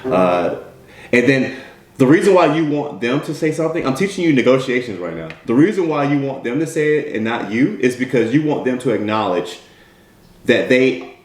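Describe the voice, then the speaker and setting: Speaking at a normal pace with a sing-song, medium-pitched voice, this American motivational speaker mentors his listeners in a direct, repetitive way, constantly asking "right?". A faint hiss or hum sits under the roomy, echoing recording.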